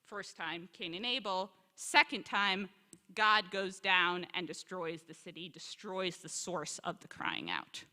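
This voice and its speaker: Visiting woman scholar, bright and forceful tone, lively teaching to a congregation, echo of a big sanctuary. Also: on the low side, measured pace. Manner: animated storyteller, quotes Hebrew and asks the room questions. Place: synagogue sanctuary. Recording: long hall reverb.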